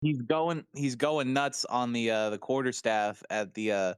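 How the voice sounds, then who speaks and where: A man's voice: mid-range voice, fairly even intonation, unhurried, clean tone, dry recording. Male podcast co-host, casual and jokey; resonant voice, dry recording. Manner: loose, laughing often, swears casually. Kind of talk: casual recap chat.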